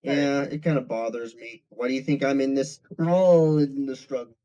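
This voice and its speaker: A man's voice: medium pitch, steady tone, normal speed, mellow, dull audio. A man chatting casually on a stream, laid-back and joking.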